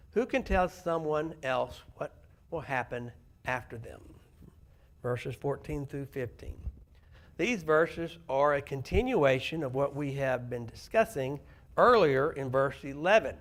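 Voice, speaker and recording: A man with a fairly high voice delivers a sermon in a church. He talks in a conversational way and often turns to the congregation with questions. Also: fairly bright tone. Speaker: preacher. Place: church sanctuary.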